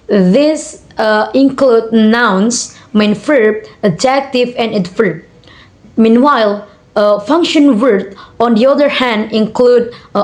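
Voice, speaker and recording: A young woman student with an Indonesian accent, reading out assignment answers hesitantly, with many fillers and slowly repeated example words. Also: a little high, a little mellow. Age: young adult.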